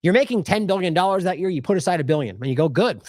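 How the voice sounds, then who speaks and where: A man's voice: sits high, lively intonation, rapid-fire, a little mellow, no echo, studio quality. A man hosting an independent news show, commenting indignantly on clips with sarcastic asides.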